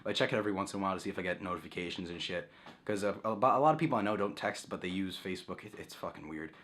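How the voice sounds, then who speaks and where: Young guy, lowish voice, rambly casual vlog at home, swears a lot, does goofy sound effects. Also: very fast, a bit bright. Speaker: vlogger.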